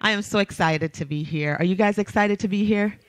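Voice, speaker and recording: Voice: medium pitch, a little fast, clear, resonant tone, no echo. A church announcer reading out announcements in an upbeat, chatty way, laughing often. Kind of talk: casual announcements. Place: church sanctuary.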